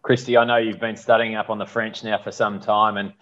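A man's voice: fairly low pitch, level tone, brisk, fairly bright tone, highs cut off. A man hosting a sports talk show, putting conversational questions to his panelists by name. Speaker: host.

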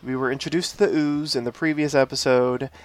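A man's voice: medium pitch, fairly even intonation, brisk. A man co-hosting a podcast in casual chat, enthusiastic and playfully teasing. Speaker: podcast co-host.

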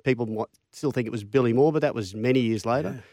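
A middle-aged Australian man, a former rugby league player, telling lively stories in casual chat and acting out the quotes. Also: fast, no room sound, studio quality. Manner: animated yarn-spinner, acts out quotes with big pitch jumps.

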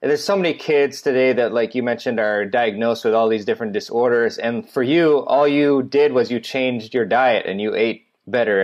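A man interviewing a guest, encouraging and trailing off mid-question. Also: mid-range voice. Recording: dull lo-fi audio.

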